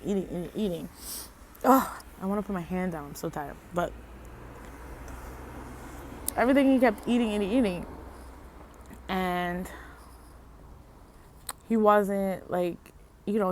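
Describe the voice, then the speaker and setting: A woman vlogging outside at night on a phone, rambling casually and loosely, laughing and losing her train of thought, a little high. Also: normal speed, pauses often, a little hiss or hum. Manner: rambling, laughing, self-interrupting. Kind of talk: casual chat. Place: outdoors at night.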